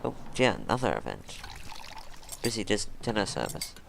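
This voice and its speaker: A man's voice: on the low side, wildly swooping pitch, normal speed, gravelly. A man giving casual gameplay commentary, musing and thinking aloud as he plays.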